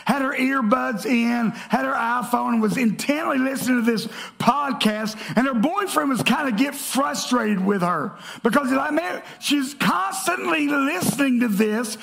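Male pastor, lively joking sermon delivery to a congregation; high-pitched, gravelly tone. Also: measured pace. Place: church sanctuary.

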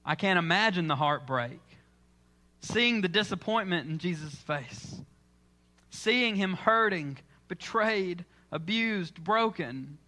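A man's voice: high voice, animated, measured pace, sharp tone. A man preaching a sermon in church, telling the story with dramatic, acted-out lines. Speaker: pastor.

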